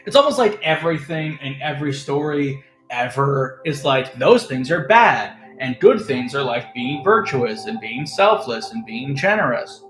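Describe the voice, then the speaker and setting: A man's voice: mid-range voice, sing-song, moderate pace, few pauses. A man ranting in a casual, sarcastic, profane monologue as an online commentator. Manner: sarcastic, profane, swings between loud and mumbled. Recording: echoey room, faint music.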